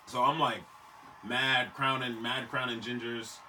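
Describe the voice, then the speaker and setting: A man's voice: medium pitch, level tone, unhurried, sharp tone, far from the mic, slight background noise. A young man hosting a casual podcast chat, telling a story in slang, laughing often and acting out what people said. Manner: laughing storyteller, slangy, acts out quoted voices. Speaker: podcast host.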